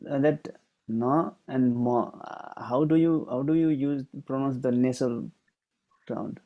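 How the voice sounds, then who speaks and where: A man, a student in an online lesson, asking questions hesitantly with many pauses. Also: medium pitch, highs cut off.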